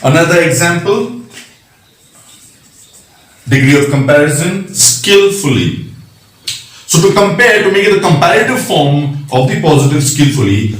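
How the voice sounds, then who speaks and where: A man's voice: on the high side, lively intonation, a little slow, pauses often. A man teaching a recorded grammar lesson, patiently spelling out letters and checking in with "right?". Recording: echoey room, mic at a distance.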